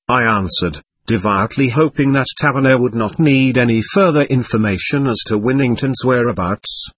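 Husky male audiobook narrator. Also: mid-range voice, normal speed, few pauses, a bit bright, dry recording. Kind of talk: scripted first-person narration.

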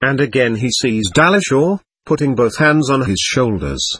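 Husky man narrating a classic novel. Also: mid-range voice, lively intonation, normal speed, fairly bright tone. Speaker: audiobook narrator. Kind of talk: scripted narration.

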